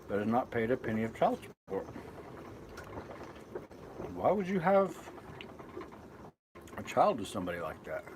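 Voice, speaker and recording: A man's voice: on the low side, darkish tone, slight background noise. A man reading out viewers' comments and chatting loosely on a live stream from inside his boat, rambling and correcting himself as he goes. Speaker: vlogger reading live chat. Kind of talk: casual live-stream chat.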